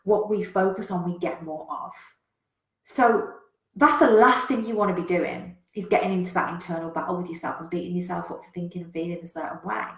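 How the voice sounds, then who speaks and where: A woman business coach, giving a frank, animated motivational talk to a live chat and swearing freely. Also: on the low side, fairly quick. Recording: roomy echo.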